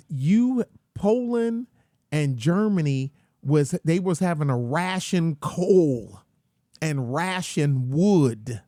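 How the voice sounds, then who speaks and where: Slow, rambling man with a dry voice. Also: fairly high pitch, warm tone, dry recording. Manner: folksy, rambling, slangy. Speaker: channel host. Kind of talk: casual rant commentary.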